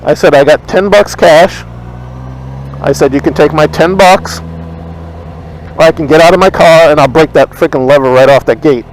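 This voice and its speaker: A man's voice: fairly high pitch, fairly even intonation, a little fast, low-quality recording. A man vlogging from his motorcycle, casually rambling and retelling an argument, blunt and profane. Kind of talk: casual rambling storytelling while riding. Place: riding a motorcycle on city streets outdoors. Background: faint street and traffic noise.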